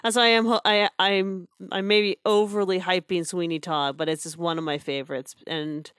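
A woman's voice: on the low side, steady tone, normal speed, fairly bright tone, smooth, dry recording, clean studio sound. A woman co-hosting a casual podcast chat, chatty, with frequent laughs and restarts. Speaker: podcast co-host reviewing theater.

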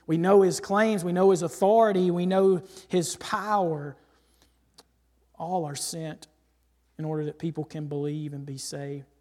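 A male pastor preaching a sermon and reading scripture aloud, emphatic, swinging from loud declarations to hushed asides. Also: fairly high pitch, little pitch movement, unhurried. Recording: long hall reverb.

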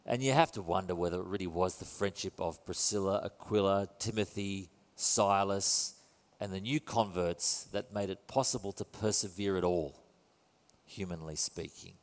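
A man's voice: deep voice, normal speed. A man preaching a sermon in a church, conversational and earnest, with self-deprecating asides. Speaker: pastor. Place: church building. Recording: long reverb in a church hall.

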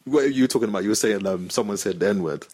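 A man's voice: fairly low pitch, fast talker, darkish tone. A young man telling a story on a podcast, acting out the voices of the people in it. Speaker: podcast host. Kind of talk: casual storytelling chat.

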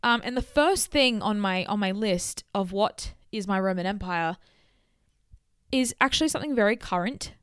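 A woman in her twenties hosting a casual solo podcast. She talks in an animated, chatty way with emphatic bursts. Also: mid-range voice, moderate pace, clear, resonant tone, no echo, studio quality. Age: 20s. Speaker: podcast host.

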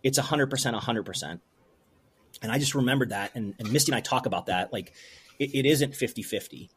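With a brisk, medium-pitched, slightly bright voice, a man in his forties talks about running his brewery as an interview guest, with slight noise in the background. The conversation is emotional; he is open and heartfelt, rambling and restarting along the way.

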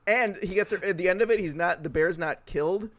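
A man's voice: high-pitched, a little fast. A man chatting casually, rambling through a comic story with lots of fillers and laughter. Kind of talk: casual comedic chat.

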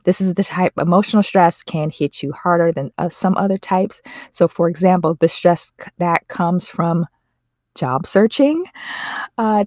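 A woman's voice: on the low side, unhurried, a little mellow, dry recording, clean studio sound. A woman hosting a podcast, talking earnestly and emotionally, often correcting herself as she goes. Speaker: podcast host. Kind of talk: casual podcast monologue.

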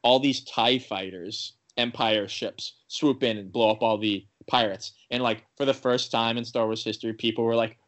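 A man's voice: mid-range voice, moderate pace, hardly any pauses. Rambling young man retelling a show. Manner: rambling, full of "like" fillers and restarts; animated retelling with quoted character lines. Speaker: podcast co-host recapping a TV episode. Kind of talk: casual chat.

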